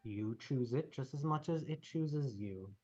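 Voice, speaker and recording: A man narrating as game master of a tabletop role-playing game, laughing often and slowing down for gentle in-character speeches. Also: medium pitch, lo-fi sound.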